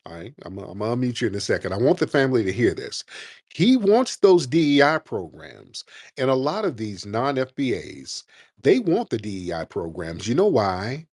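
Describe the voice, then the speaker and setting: A man hosting a live call-in show, lecturing a caller forcefully and slowing down to stress his points. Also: mid-range voice, sing-song, husky, dry recording, clean studio sound. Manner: forceful, lecturing, slows for emphasis. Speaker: show host. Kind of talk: heated live call-in debate.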